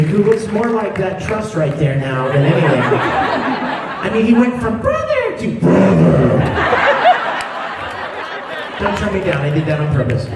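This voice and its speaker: Lively higher-voiced guy telling stories onstage, far off mic, big echoey hall, crowd laughing. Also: very noisy. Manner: animated, laughing storyteller. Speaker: voice actor at a convention panel. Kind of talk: convention Q&A storytelling. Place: large convention hall with audience. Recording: distant fan recording in echoey hall.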